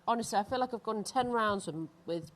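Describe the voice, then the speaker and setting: A woman's voice: medium pitch, a little fast. A woman hosting a live TV shopping show, selling jewelry in chatty, self-mocking patter while congested and throaty from hay fever. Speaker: shopping channel host. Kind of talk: live TV sales presentation.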